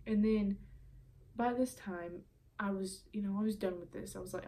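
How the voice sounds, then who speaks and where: A woman's voice: mid-range voice, fairly even intonation, normal speed, long pauses, mellow. A young woman telling a story in a casual vlog, chatty and exasperated, full of "like.". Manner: chatty, exasperated, heavy use of "like". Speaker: vlogger.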